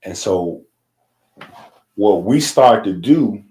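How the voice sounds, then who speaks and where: A man's voice: lowish voice, expressive, slow, darkish tone. A man teaching a casual lecture, explaining in a loose conversational way and checking in with frequent "right?" tags.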